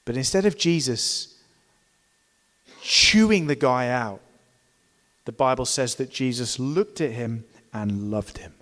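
A male preacher delivering a sermon with strong emphasis, swinging from loud, stressed phrases to soft, hushed ones. His voice sits at a middling pitch, and the long reverb of a church hall trails after every word. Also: expressive, slow pace, long pauses.

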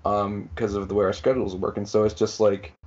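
A man co-hosting a podcast, musing reflectively in a relaxed, filler-heavy chat. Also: on the low side, brisk, lo-fi sound. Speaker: podcast co-host. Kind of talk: casual chat.

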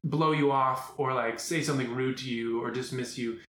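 A man, a commercial actor, telling stories as a podcast guest in a lively way, full of fillers. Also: mid-range voice, moderate pace, a little hiss or hum. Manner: animated storyteller, filler-heavy, acts out quotes. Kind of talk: casual chat. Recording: echoey room, faint ambience.

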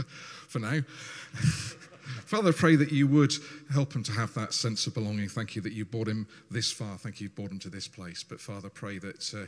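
A pastor leads the church in prayer, often stumbling over fillers as he speaks. His voice sits fairly low. The long reverb of a church hall carries each phrase. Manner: warm, fumbling with fillers. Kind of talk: praying aloud in church.

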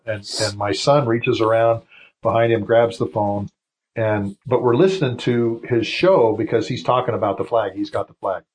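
A retired Air Force officer in his fifties, appearing as a podcast guest, tells long, emotional stories in a casual interview, rambling with frequent restarts and asides. His voice is low and husky, and the audio quality is poor.

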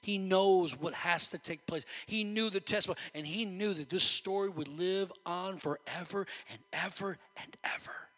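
High-voiced, animated preacher man. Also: moderate pace, hardly any pauses, big-room sound. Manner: animated preaching, rising to near shouts at peaks. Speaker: pastor. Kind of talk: sermon. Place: church sanctuary.

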